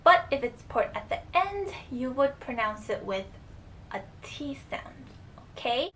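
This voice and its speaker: A young woman teaching a casual video lesson, explaining slowly and repeating each example word. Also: sits high, very animated, fairly bright tone, a little hiss or hum. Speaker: language teacher.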